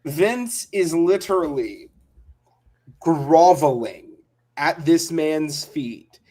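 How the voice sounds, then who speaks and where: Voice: mid-range voice, lively intonation, drawn-out words, mellow. A podcast co-host in casual chat, emphatic and repeating key words for stress.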